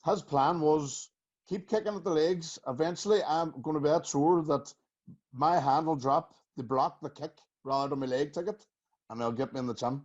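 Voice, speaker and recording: Direction: tell it as a Northern Irish man, a touch high, muffled mic. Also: normal speed, a little mellow. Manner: storytelling, laughs often. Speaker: podcast host. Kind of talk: casual chat. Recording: muffled lo-fi sound.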